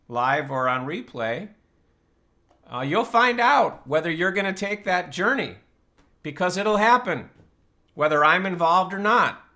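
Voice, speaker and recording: A man's voice: sits high, bright, forceful tone. A man hosting a live online Q&A show, talking casually and explaining his ideas through rhetorical questions. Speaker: host and personal-growth teacher.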